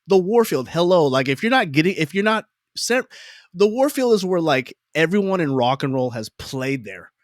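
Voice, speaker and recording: A man telling a personal story in a casual conversation, animated and self-deprecating, with emphatic repetition. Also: a little high, normal speed, no room sound, clean studio sound. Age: adult parent.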